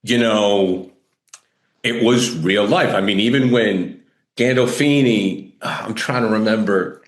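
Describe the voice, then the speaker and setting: A man's voice: on the low side, takes it slowly, echoey room. A man hosting an interview, talking enthusiastically and rambling with many fillers. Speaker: podcast host. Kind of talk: interview conversation.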